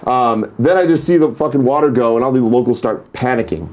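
A young man on a casual morning talk show, telling a story with laughs and acted-out shouts. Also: mid-range voice, brisk, heavy background noise. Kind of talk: casual chat.

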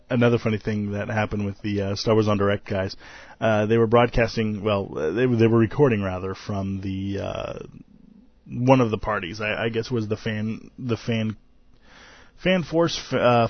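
A man's voice: lowish voice, no echo, muffled recording. A tired man hosting a podcast, recapping a convention in a rambling, self-deprecating way and laughing often. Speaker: podcast host.

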